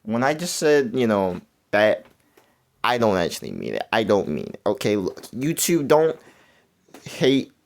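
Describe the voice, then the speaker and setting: A young man talking through a video game quiz in casual, rambling commentary, mumbling and then jumping into excited outbursts. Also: fairly low pitch, measured pace, creaky. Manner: rambling, self-correcting, swings between mumbling and excited outbursts. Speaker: gaming YouTuber.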